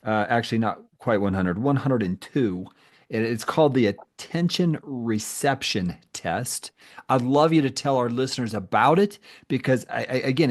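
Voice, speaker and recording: A middle-aged man hosting a podcast, asking his guest questions in a measured, thoughtful way. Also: mid-range voice. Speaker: podcast host and therapist. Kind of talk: podcast interview.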